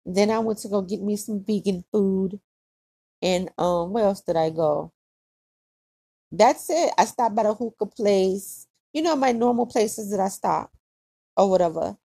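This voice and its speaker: A woman hosting a casual solo podcast, chatty and repetitive, with plenty of vocal fry. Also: medium pitch, a little slow, mellow, no room sound, clean studio sound. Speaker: podcast host.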